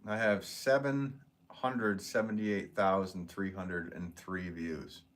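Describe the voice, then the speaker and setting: Laid-back low-voiced man chatting live. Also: fairly even intonation, slow, fairly bright tone. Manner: laid-back, chuckles often. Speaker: potter hosting a livestream. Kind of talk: casual live chat, reading viewer comments aloud. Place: pottery studio, indoors.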